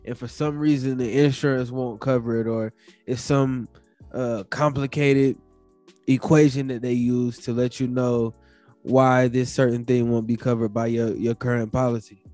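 A man hosting a podcast, asking questions in a relaxed, casual way with lots of fillers. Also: medium pitch, normal speed, dry recording, soft background music. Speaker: podcast host.

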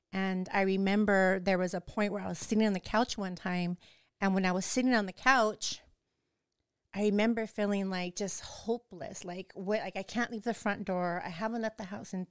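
A woman's voice: medium pitch, smooth, dry recording, studio quality. A young woman candidly recounting a painful personal experience, emotional and swearing freely, with lots of filler words. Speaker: guest telling her story. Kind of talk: candid personal storytelling, casual chat.

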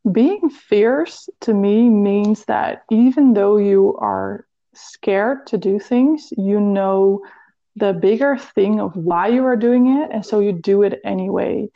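A woman's voice: mid-range voice, slow pace, vocal fry, dark tone, lo-fi sound. A woman with a Dutch accent, a health and fitness coach, speaking earnestly in a podcast interview and now and then searching for an English word.

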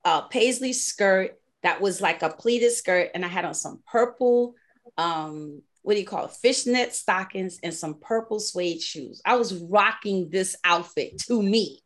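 A woman in her forties or older, hosting a podcast in casual chat, an animated storyteller who laughs often, speaking. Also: medium pitch. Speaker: podcast host.

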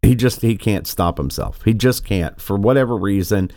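A man's voice: lowish voice, moderate pace, dark tone, no echo. A man giving casual political commentary, rambling and exasperated, with a sarcastic edge. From United States.

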